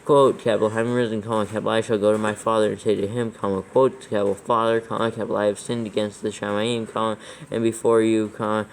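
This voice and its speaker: A man's voice: on the low side, little pitch movement, fast talker, hardly any pauses, a little hiss or hum, rough recording. A man dictating scripture aloud for proofreading, steadily reading the text and naming every comma, capital and quote mark.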